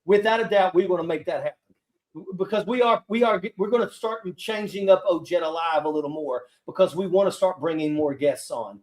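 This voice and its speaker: A man's voice: high voice, a little fast, echoey room. A man appearing as a guest on a stream, speaking in an earnest, rallying way and often tripping over repeated words. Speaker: guest, fellow show host. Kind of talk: casual political talk.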